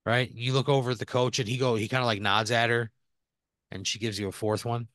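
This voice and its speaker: Man, comedy podcast host, rambling improv storytelling, casual, swears a lot, mid pitch, dry sound. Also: level tone, a little fast, a bit bright, dry recording.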